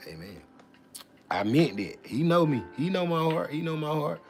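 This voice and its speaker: A man with a fairly high voice rants to his viewers in a rough, preachy monologue. He swings from loud, emphatic preaching to low muttered asides and keeps leaning on filler tags. Faint music plays underneath. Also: sing-song, moderate pace. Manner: repeats filler tags like "you know what I'm saying". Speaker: vlogger.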